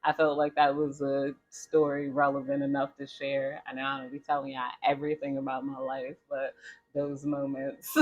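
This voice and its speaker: A man's voice: medium pitch, completely flat delivery, normal speed. A man giving a casual tarot reading, chatty and laughing often as he tells a personal story. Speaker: tarot reader. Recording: dull lo-fi audio.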